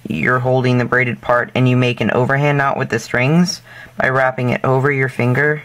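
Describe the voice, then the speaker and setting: A man of ordinary pitch walks through a craft project step by step, in a loose, casual way. He rambles, corrects himself mid-sentence and leans on fillers. Now and then he slips in a goofy, self-deprecating joke. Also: flat delivery, normal speed, fairly bright tone. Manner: jokey and self-deprecating asides. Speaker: craft tutorial host.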